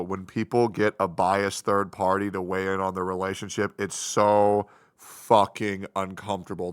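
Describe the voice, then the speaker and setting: A streamer reacting live in a blunt, profane rant. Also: male voice, lowish voice, a bit bright, smooth.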